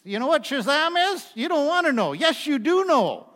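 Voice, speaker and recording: Preaching in a large hall with long reverb, a man in his sixties tells folksy stories in a conversational sermon and makes asides to the congregation. He has a very high-pitched, fairly bright voice, very animated at a moderate pace.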